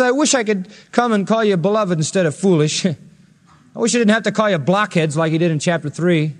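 A man's voice: sits high, long reverb tail. A male pastor preaching an expository sermon, earnest and rising to emphatic peaks when quoting scripture.

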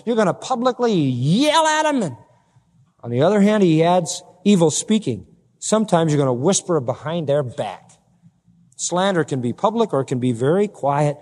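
A male pastor preaching a sermon, full of rhetorical questions and building to forceful, emphatic climaxes. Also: a little high. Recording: long hall reverb.

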